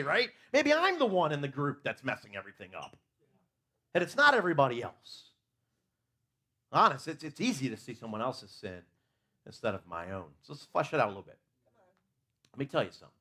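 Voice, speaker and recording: A man's voice: a little high, sing-song, fairly quick, long pauses, pushed and bright. A man preaching a conversational sermon in a church, asking his listeners questions and talking openly about his own faults.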